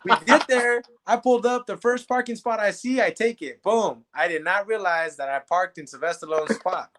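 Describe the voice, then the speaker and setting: Man, guest, casual storytelling, animated, slangy, somewhat high pitch. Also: moderate pace. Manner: animated, slangy, says "bro".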